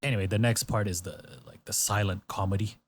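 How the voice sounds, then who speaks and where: Male podcast host, slightly low voice, casual storyteller who acts out quotes. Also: steady tone, quick pace. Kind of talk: casual chat recapping a variety show.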